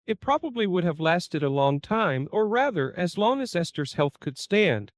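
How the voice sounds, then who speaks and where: Lively high-voiced male storyteller. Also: normal speed, dry recording. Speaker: narrator. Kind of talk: scripted story narration.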